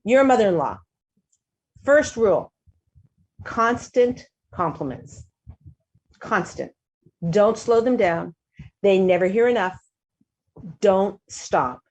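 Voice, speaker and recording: A woman hosting a talk show, giving casual advice in an animated way, often restarting sentences and acting out quotes in a higher voice. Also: takes it slowly, long pauses.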